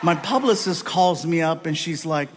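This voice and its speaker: A man doing animated stand-up comedy on a live stage, telling stories and acting out voices into a stage microphone. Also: a little high, normal speed. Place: live comedy stage before a laughing audience. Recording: live show with crowd and noise.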